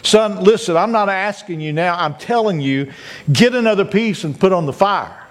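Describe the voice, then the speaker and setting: A man's voice: high-pitched, animated, moderate pace, voice pushed up. A preacher voicing a stern older father. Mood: stern commanding. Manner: commanding, insistent. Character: stern widowed father, older man, firm.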